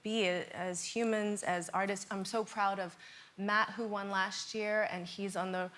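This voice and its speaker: A woman who is a talk show guest, chatting in an animated, bubbly way and saying "like" a lot. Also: medium pitch, a little slow. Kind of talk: casual chat. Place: TV studio with live audience. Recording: studio audience and faint noise behind.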